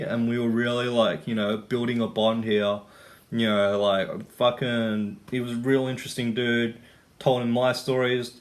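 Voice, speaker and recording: A young man ranting and telling stories in a casual vlog, rambling and swearing, full of "like" and "you know". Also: medium pitch. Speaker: vlogger. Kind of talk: casual rant storytelling.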